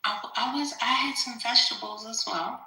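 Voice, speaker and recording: A woman's voice: a little high, moderate pace, pushed and bright. An easygoing woman hosting a casual chat, laughing often. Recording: roomy echo.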